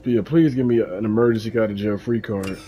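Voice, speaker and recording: A man's voice: lowish voice, a little fast, mellow. A man giving casual, crude, joking commentary over a video game playthrough. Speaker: gaming streamer.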